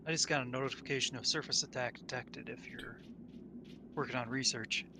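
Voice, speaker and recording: A man's voice: mid-range voice, fairly even intonation, brisk, gravelly, background noise. A man co-playing a multiplayer game, chatting casually and hesitantly with many ums. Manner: hesitant, lots of ums and uhs. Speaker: co-player. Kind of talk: casual multiplayer gameplay chat.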